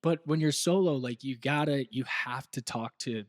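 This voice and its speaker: A young American man co-hosting a podcast, telling stories in a casual, laughing, animated way. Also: medium pitch, normal speed, dry recording, studio quality. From United States. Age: young adult. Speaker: co-host.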